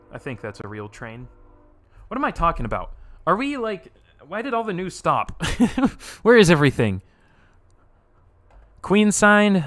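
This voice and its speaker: A young man live streaming, reacting and reading chat aloud in an excitable way, laughing often and swearing casually. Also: on the high side, dry recording.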